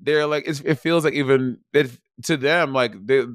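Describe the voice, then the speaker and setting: A man's voice: mid-range voice, steady tone, normal speed, no echo, clean studio sound. A man co-hosting a podcast in loose, joking casual chat. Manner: loose, joking, full of fillers and restarts. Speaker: podcast co-host.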